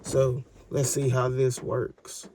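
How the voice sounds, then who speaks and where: A man speaking in a halting, candid and reflective way, recording a personal video diary. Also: mid-range voice, monotone, dark tone, slight background noise. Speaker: vlogger.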